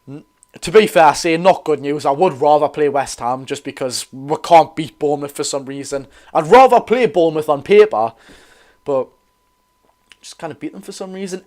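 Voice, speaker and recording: Speaking in a fairly high, slightly mellow voice, a Geordie man runs a live football watch-along. His commentary is chatty, and he stops to correct himself and say hello to viewers.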